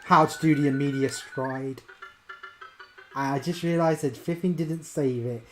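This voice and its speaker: A woman with a strikingly deep voice chats through a game stream as a VTuber. She rambles and restarts her thoughts, then bursts out loudly at tricky moments. Faint game music plays underneath. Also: fairly even intonation, a little slow, low-quality recording. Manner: rambling and chatty, with sudden loud exclamations. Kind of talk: casual live-stream chat while gaming.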